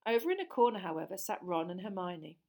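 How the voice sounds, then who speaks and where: A woman's voice: on the low side, sing-song, fast talker, creaky, darkish tone. Woman reading an audiobook aloud. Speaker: audiobook reader. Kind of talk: audiobook narration.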